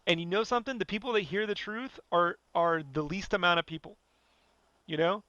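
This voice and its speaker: A man's voice: sits high, a little fast, sharp tone, no echo, highs cut off. Blunt, profane man ranting on a podcast. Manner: blunt, profane, rambling, fillers like "you know". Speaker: podcast host. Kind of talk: casual podcast rant.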